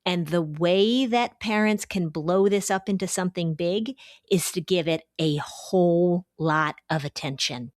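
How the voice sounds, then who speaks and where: Middle-aged woman hosting a podcast, lowish voice, dry close sound, chatty and encouraging. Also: a little slow, no echo. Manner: warm, expressive and encouraging, explains with everyday examples. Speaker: podcast host and anxiety therapist. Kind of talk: casual podcast chat.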